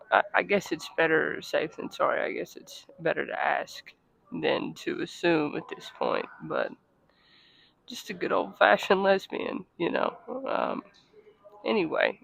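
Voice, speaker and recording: A woman vlogging casually to her phone, chatty and self-deprecating, at times out of breath from walking fast outdoors in the cold. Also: fairly low pitch, vocal fry, fairly bright tone, no echo, rough recording. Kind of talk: casual travel vlog to camera. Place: outdoors on cold city streets.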